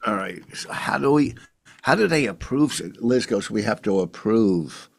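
A man's voice: fairly low pitch, lively intonation, measured pace, vocal fry. A man in his sixties co-hosting a podcast in casual chat, grumbling and defensive. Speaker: podcast co-host, comedian.

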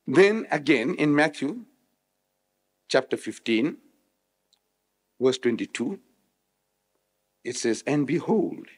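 A man from South Africa giving a public religious lecture, switching between loud rhetorical questions and quiet explanation. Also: medium pitch, sing-song, slow pace, pauses often, husky. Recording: echoey hall, old remastered recording.

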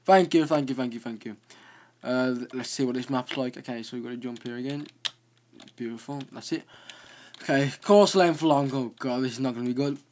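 A young man narrating his own video game run in casual commentary, excitable and quick to exclaim. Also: mid-range voice. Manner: excitable, easily startled, exclaims often. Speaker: gaming video host.

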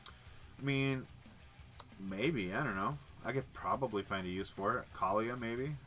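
A man's voice: lowish voice, measured pace, fairly bright tone, faint music behind. A man hosting a livestream, casually chatting and reading card text aloud with wry, muttered asides. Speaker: livestream host opening card packs. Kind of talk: casual chat while reading cards aloud.

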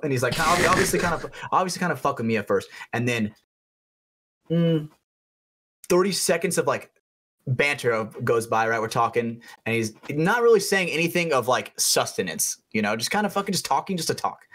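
A young man co-hosting a podcast, telling a story in a loose, animated way, swearing freely and acting out the people in it. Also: mid-range voice, moderate pace, slightly rough. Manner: animated, swearing storyteller who acts out voices. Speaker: podcast co-host. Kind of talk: casual storytelling chat.

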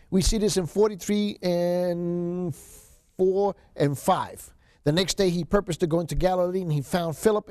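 High-voiced emphatic male seminary lecturer. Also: darkish tone, dry recording. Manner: emphatic, repeats key phrases, frequent restarts and fillers. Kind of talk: Bible survey lecture reading scripture aloud.

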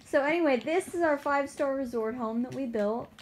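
A woman's voice: sits high, fairly quick, a little hiss or hum. A woman co-hosting a gaming video, chatting in a playful, teasing way as she plays. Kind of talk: casual gameplay chat.

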